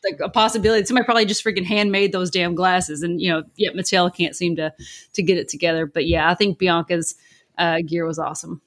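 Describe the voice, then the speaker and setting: A woman's voice: fairly low pitch, fairly even intonation, fast talker. A woman co-hosting a podcast, reading listener mail and chatting animatedly. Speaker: podcast co-host. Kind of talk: casual chat.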